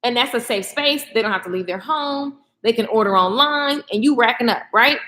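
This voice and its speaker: A woman hosting a casual late-night live stream, animated and slangy, laughing often and talking straight to her viewers. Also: on the high side, fairly quick. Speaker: live stream host, beauty professional. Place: echoey room, home at night. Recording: echoey room.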